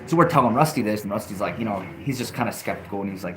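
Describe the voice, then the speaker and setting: A man's voice: medium pitch, expressive, fast talker, few pauses, a bit bright. A man vlogging, telling a story casually, with many restarts and fillers and frequent swearing.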